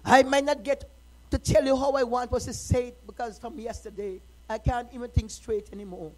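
A middle-aged woman minister preaching a sermon, moving from quiet, personal talk to impassioned shouting. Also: fairly high pitch, steady tone, moderate pace, poor audio.

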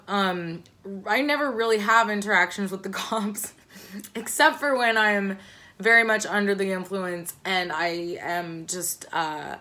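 Taking it slowly, a young woman tells a personal story in a casual, rambling way, peppered with likes, ums and free swearing. Her voice leaps shrill and loud when she quotes herself.

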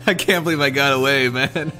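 A young man giving excitable let's play commentary as a gaming streamer, swearing freely and reacting loudly to the game. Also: medium pitch, moderate pace, faint music behind.

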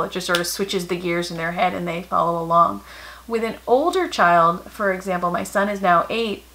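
Bright-voiced mother giving calm parenting advice. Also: mid-range voice, poor audio. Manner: warm, calm and matter-of-fact, softening for quoted lines to children. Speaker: parenting vlogger. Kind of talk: casual advice talk to camera.

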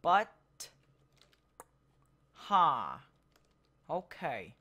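Unhurried, mid-pitched game commentator, rambling and self-interrupting. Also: wildly swooping pitch, lo-fi sound. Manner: rambling, thinks out loud, trails off mid-sentence. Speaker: gameplay video host. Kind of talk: casual commentary while building in a game.

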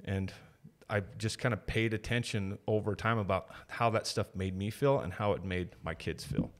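A man in his thirties with a very low voice shares his story on a podcast. He talks in a candid, reflective way, an easy conversational flow. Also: moderate pace. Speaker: podcast guest. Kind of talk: casual conversation.

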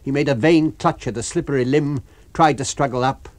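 A man narrating an abridged novel for radio in a measured, expressive storytelling manner. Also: mid-range voice. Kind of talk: abridged audiobook reading for radio.

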